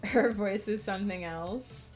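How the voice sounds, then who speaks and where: A woman's voice: medium pitch, unhurried, soft background music. A woman streamer chatting casually while she writes, rambling and laughing often.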